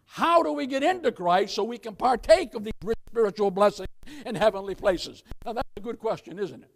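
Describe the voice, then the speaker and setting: High-voiced man preaching a sermon. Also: animated, a little fast, creaky. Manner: folksy preaching, questions to the congregation. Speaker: pastor. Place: church.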